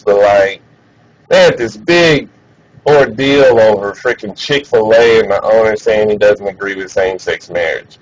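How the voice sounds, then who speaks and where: Male streamer, high and lively delivery, profane casual chat. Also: poor audio. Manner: animated, profane, laughs often.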